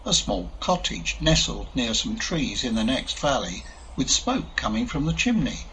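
A man reading a story aloud with an expressive, lilting delivery. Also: medium pitch, unhurried, noisy background. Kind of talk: storytelling narration.

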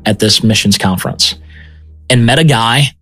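A man sharing a personal testimony in an interview, earnest and animated, often stumbling over repeated words. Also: mid-range voice, normal speed, soft background music.

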